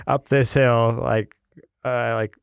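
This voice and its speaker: Young male podcast co-host, gravelly, rambling storyteller, dry close sound. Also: mid-range voice, flat delivery, slow, dry recording. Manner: rambling, laughs often. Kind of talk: casual chat, storytelling.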